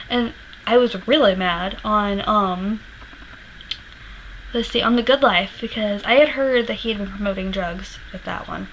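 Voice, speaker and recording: A woman's voice: mid-range voice, moderate pace, a bit bright, a little hiss or hum, low-quality recording. A young woman telling a concert story in a casual vlog, candid and rambling, swearing freely and laughing often. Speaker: music vlogger.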